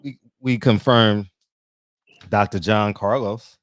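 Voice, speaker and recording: A man co-hosting a casual barbershop-style talk show, relaxed and laughing often. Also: lowish voice, takes it slowly, no echo, clean studio sound. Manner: laid-back, laughs often, says "you know what I mean". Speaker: podcast co-host. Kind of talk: casual chat.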